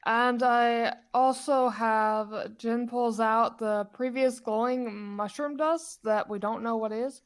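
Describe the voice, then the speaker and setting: Slow-talking woman playing a tabletop game. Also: a little high, fairly even intonation. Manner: hesitant, unhurried. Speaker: player.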